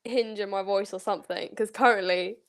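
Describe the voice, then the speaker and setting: A woman's voice: mid-range voice, steady tone, brisk. A woman co-hosting a golf podcast, talking casually with many fillers. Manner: conversational, fillers, likes. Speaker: podcast co-host. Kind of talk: casual golf news chat.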